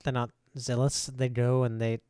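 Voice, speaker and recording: A man's voice: mid-range voice, little pitch movement, moderate pace, dark tone, clear, resonant tone, dry recording, studio quality. A man running a tabletop game as game master, narrating and explaining in a casual, rambling way.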